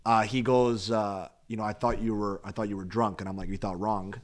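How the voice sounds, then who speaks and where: A young man with a fairly low voice tells a story to his friends in a relaxed chat. His talk meanders, full of "like", repeats and restarts, the way friends trade stories. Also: fairly quick. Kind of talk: casual chat among friends.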